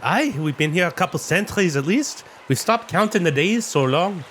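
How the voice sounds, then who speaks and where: A man doing a gruff old dwarf woman. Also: high-pitched, animated, normal speed, fairly bright tone, slight background noise, voice pushed up. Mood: wary. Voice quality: gruff, rolls her R's. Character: weathered old female dwarf, gruff and swearing.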